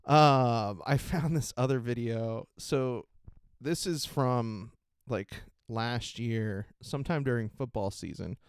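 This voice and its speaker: A man's voice: mid-range voice, slow, clear, resonant tone, dry recording. A man hosting his podcast in casual chat, rambling, swearing and laughing often. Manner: giggly, profane, rambling with frequent laughter. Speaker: podcast host.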